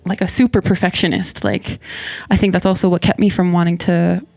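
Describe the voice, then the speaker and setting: A woman in her twenties, a guest artist talking over her path in a relaxed interview, thoughtful and quick to laugh, her speech full of "like". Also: lowish voice, gravelly, no room sound. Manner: reflective, laughs often, many "like" fillers. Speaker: guest hip-hop artist. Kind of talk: casual interview conversation. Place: radio station interview studio.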